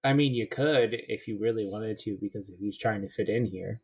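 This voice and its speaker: A tabletop game player chatting playfully and pitching ideas to the game master. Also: moderate pace, darkish tone, breathy edge. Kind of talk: casual tabletop play.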